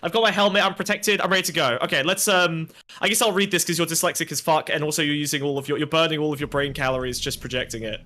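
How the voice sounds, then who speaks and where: A man streaming a playful role-play game as a paladin, protesting loudly and laughing often, with faint music behind. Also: a little high, fairly even intonation, fast talker.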